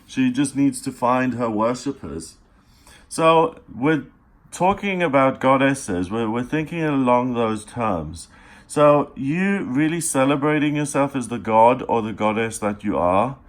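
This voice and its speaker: A man giving a daily tarot reading, speaking straight to the listener in an earnest, encouraging way, unhurried, with pauses and fillers. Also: medium pitch, lively intonation. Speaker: tarot reader.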